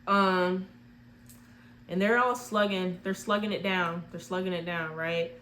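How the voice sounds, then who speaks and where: A woman's voice: on the low side, steady tone, unhurried, fairly bright tone, slight background noise. A woman casually retelling a movie plot in a rambling way, full of "like" fillers. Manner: rambling, heavy use of "like" fillers.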